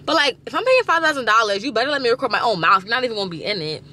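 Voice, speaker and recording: A woman's voice: a little high, expressive, rapid-fire, bright, forceful tone, a little hiss or hum. A woman in her twenties chatting casually to her camera in a vlog, outspoken and blunt with lots of slang. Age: 20s. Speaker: vlogger. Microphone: compact camera held close.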